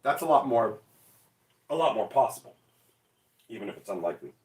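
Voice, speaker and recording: A man in his forties chatting casually on a livestream, answering chat in a profane, excitable, self-mocking way. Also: lowish voice, brisk, reverberant, distant mic. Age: 40s.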